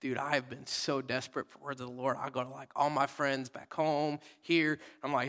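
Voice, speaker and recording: A young man preaching a sermon in casual, conversational words, swinging from loud readings to soft whispered asides. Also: mid-range voice, level tone, moderate pace, in a large hall. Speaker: pastor. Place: church sanctuary.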